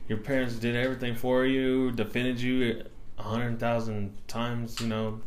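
A man's voice: medium pitch, flat delivery, normal speed, a little hiss or hum. A man talking as a guest on a casual podcast, earnest and opinionated, often restarting his phrases. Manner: earnest, opinionated, repeats himself while thinking.

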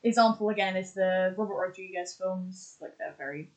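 A woman's voice: mid-range voice, normal speed, poor audio. A woman in casual podcast chat, running through examples with lots of fillers and restarts. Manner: chatty, lists examples with many fillers and restarts. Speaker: podcast co-host.

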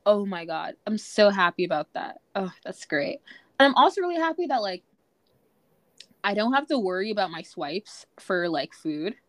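A young woman chatting casually on a podcast, her words strung together with "like" and quick restarts. The voice sits in a middle pitch. The sound is dry and close. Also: very animated, no echo. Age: young adult. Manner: chatty, many "like" fillers. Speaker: podcast co-host. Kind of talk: casual chat.

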